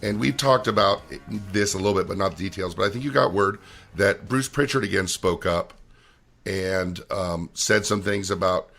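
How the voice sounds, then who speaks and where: A man's voice: sits low, moderate pace, creaky, a bit bright, soft background music. A man co-hosting a podcast, reading out show plugs and asking the questions in an upbeat way. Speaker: podcast co-host. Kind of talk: casual podcast talk, show promos.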